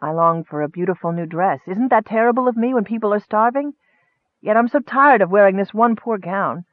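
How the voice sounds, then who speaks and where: An earnest, warm-hearted young noblewoman from a storybook, as a man reads her part. The voice sits well above his own and pleads with feeling. The sound is narrow and phone-like, dry and close. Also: animated, brisk, no room sound. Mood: wistful. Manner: raised pitch, pleading.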